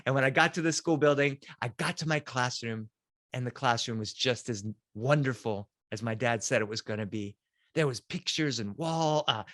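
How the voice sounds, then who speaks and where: A middle-aged man telling a children's story in an animated, playful way. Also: medium pitch, dry recording, studio quality.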